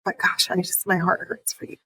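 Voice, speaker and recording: A woman co-hosting a podcast who responds to a guest gently and sympathetically, often adding "you know". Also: on the low side, level tone, fairly quick, breathy edge, no echo, low-quality recording. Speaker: podcast co-host. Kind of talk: sympathetic interview talk.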